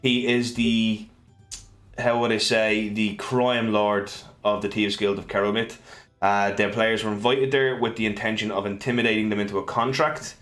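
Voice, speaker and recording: A man's voice: on the low side, level tone, moderate pace, a bit bright, faint music behind. An Irish man in his twenties, a game master hosting a casual livestream, recapping with jokes, fillers and restarts. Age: 20s. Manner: joking, rambling, many fillers and restarts. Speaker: game master and stream host.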